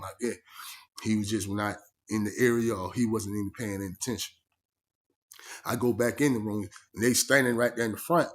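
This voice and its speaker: A man telling a story in casual first person, emphatic and streetwise, often asking "you know what I mean". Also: medium pitch. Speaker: vlogger.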